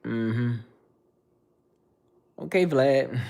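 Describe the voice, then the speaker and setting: A man on a casual livestream talks back to his chat in a mocking, profane, confrontational way. His voice sits high and swings widely in pitch as he jeers at commenters. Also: sing-song, a little slow. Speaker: host answering viewer chat.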